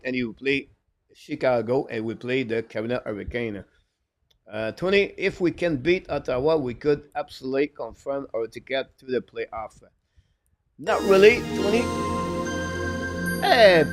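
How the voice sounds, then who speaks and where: Halting man hosting hockey talk. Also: mid-range voice. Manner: halting, full of "uh" fillers; broken, non-native English phrasing. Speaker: live show host. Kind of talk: live-stream hockey talk, reading viewer comments.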